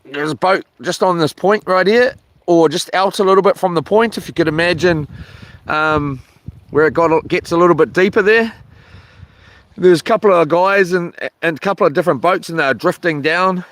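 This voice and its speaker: A man's voice: high voice, moderate pace, fairly bright tone, no room sound. A man chatting casually outdoors at an island camp by the water, rambling in a laid-back way with lots of ums and slang, recorded on a handheld phone. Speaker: vlogger. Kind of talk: casual chat.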